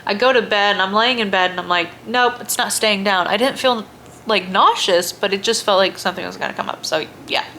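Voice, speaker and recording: A woman's voice: mid-range voice, fairly quick, bright, forceful tone, slight background noise. A young woman chatting casually in a personal vlog, gushing and laughing often, with many fillers. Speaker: vlogger.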